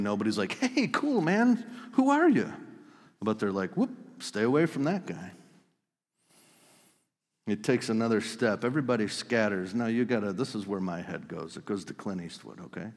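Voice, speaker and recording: A man preaching a sermon, telling the story vividly and swinging between loud outbursts and hushed lines. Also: fairly low pitch, big-room sound. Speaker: pastor.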